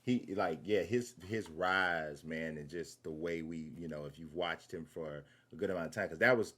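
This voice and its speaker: A man hosting a casual boxing interview, relaxed and agreeable, often chiming in with short agreement. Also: low-pitched, moderate pace. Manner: relaxed, agreeable, chimes in with yeahs. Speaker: interviewer, channel host.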